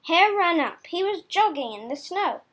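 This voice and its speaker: A woman reading a children's picture book aloud in a slow, expressive way. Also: very high voice. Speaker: storybook reader.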